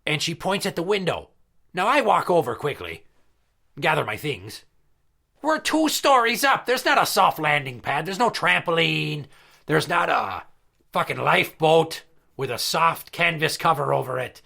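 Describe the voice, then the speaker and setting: A crude, boastful pirate entertainer, played by a man, talking in a gravelly, bright voice slightly above the usual male range. He swears freely and spins his stories with swagger. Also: fairly high pitch, very animated, moderate pace, exaggerated voice. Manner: crude, profane storytelling. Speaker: regular character. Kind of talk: comedy podcast skit.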